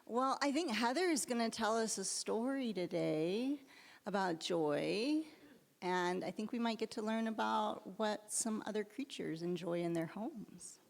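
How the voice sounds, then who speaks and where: A woman's voice: mid-range voice, unhurried, gravelly. A woman who leads children's religious education, chatting encouragingly with children at a service. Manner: warm, encouraging questions to kids. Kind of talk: gentle chat with children. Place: church sanctuary. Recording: long hall reverb.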